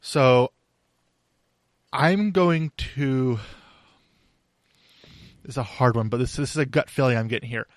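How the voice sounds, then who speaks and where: A man of middle pitch chats casually as a co-host on a car podcast. He pauses and restarts often while he thinks aloud. The recording is dry and close. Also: no echo. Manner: hesitant, full of fillers and restarts.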